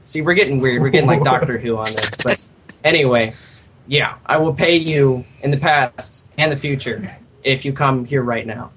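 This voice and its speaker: A man's voice: mid-range voice, normal speed, fairly bright tone, a little hiss or hum. A man co-hosting a casual talk radio show, joking and rambling playfully. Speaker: co-host.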